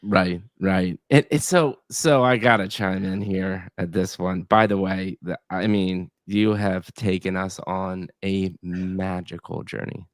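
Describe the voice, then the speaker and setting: Deep, slow-talking male podcast host. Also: fairly even intonation, no room sound. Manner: effusive, casual, swears. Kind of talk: casual interview chat.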